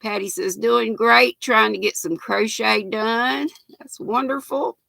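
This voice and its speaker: A woman's voice: fairly high pitch, fairly even intonation, slow pace, gravelly, sharp tone, dry recording. An older woman from North Carolina with a Southern accent, hosting a live stream and chatting casually with viewers, greeting them by name and laughing often. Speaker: livestream host.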